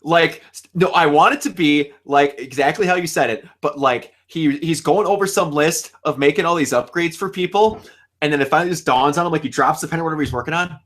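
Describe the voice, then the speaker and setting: A young man hosting a casual fan chat, animated and laughing often, acting out lines as he talks. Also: a little high, a little fast. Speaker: show host.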